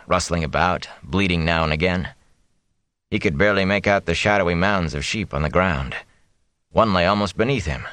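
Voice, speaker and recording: Deep-voiced man narrating an audiobook. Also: fairly bright tone, no echo. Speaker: audiobook reader.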